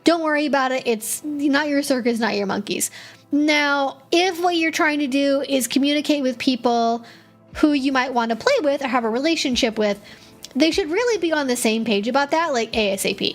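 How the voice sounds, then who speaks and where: A woman's voice: high-pitched, brisk, soft background music. A woman hosting a live-stream Q&A as a kink educator, chatty and rambling, with many fillers and short laughs.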